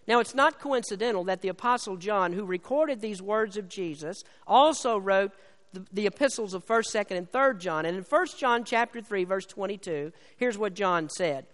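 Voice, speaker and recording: A man preaching a sermon as pastor, slowing down and raising his voice on scripture and key lines, then dropping back low. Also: fairly bright tone. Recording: long hall reverb.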